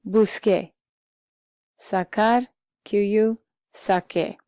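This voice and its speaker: A woman teaching a Spanish grammar lesson, slowly and patiently reading out vocabulary with translations and a few fillers. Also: mid-range voice, fairly even intonation, warm tone, no room sound, studio quality. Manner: slow, patient, talks through vocabulary lists with fillers. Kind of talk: recorded classroom lesson.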